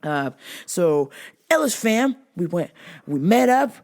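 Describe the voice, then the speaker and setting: A woman's voice: fairly low pitch, very animated, takes it slowly, a little mellow. A woman hosting a podcast, telling profane, joking stories in a casual comedic monologue and acting out sounds and voices. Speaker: podcast host.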